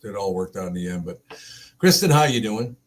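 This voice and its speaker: A man's voice: lowish voice, expressive, fairly quick. A man hosting a radio show, chatting casually in the studio and telling rambling stories with laughs and mimicked voices.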